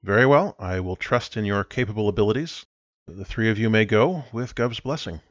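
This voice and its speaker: A man voicing a stern male city governor with a cold, measured, formal way of speaking. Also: on the low side, lively intonation, dry recording, muffled recording, lightly acted.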